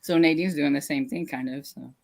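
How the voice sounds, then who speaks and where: A low-pitched woman hosts a relaxed reading livestream. She talks in a loose, chatty way and reads viewer comments aloud between her own asides. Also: a little fast, gravelly. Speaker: channel host. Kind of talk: casual livestream chat.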